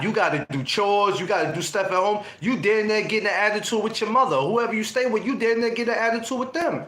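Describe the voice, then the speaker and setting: A man co-hosting a podcast, chatting casually and acting out teenage scenes as he tells stories. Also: high-pitched. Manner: animated storytelling, acts out teen scenes. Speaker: podcast co-host. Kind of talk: casual group chat. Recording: roomy room sound.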